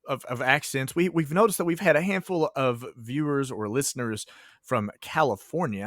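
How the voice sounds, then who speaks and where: A man's voice: medium pitch, fairly bright tone, dry recording, clean studio sound. A man co-hosting a casual podcast, telling teacher stories in a joking way and laughing often.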